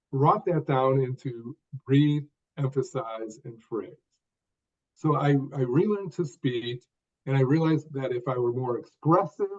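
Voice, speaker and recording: Older man speaking in deliberate phrases. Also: mid-range voice, darkish tone, highs cut off. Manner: speaks in short deliberate phrases with stressed words. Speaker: guest author. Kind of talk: podcast interview storytelling.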